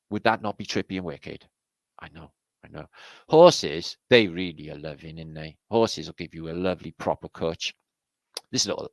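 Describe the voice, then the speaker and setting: A low, gravelly British man talks in a loose, rambling way, his voice leaping up and down as he reacts. He is a show host giving casual, excitable commentary and swears freely, and the sound is close and dry. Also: dry recording. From Britain.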